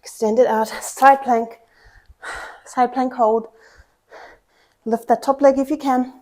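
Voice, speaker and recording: Fairly high-voiced woman cueing pilates. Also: steady tone, darkish tone. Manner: brisk short exercise cues, counting down. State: out of breath. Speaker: pilates instructor. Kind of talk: cueing a workout class.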